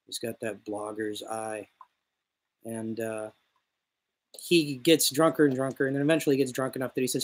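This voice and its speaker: A man with a husky, somewhat breathy voice spins a rambling story full of swearing. His pitch sits at an ordinary middle height for a man. He talks in a loose, conversational podcast style. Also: flat delivery, moderate pace, long pauses, poor audio. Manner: profane, rambling anecdote-teller. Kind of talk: casual storytelling chat.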